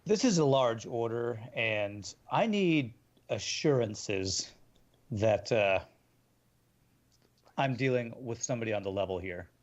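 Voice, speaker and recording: A man playing a character in a tabletop role-playing game, speaking carefully and deliberately. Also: mid-range voice, expressive, lo-fi sound. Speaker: player.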